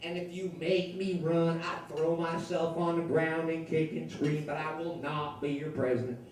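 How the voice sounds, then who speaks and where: Comic doing a low, drawling Southern old president, sulky and whiny, slow delivery, echoey distant club sound. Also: male voice, level tone, slight background noise, natural voice. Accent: Southern US drawl, put on. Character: drawling older male president, self-pitying and sulky. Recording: echoey club recorded from afar.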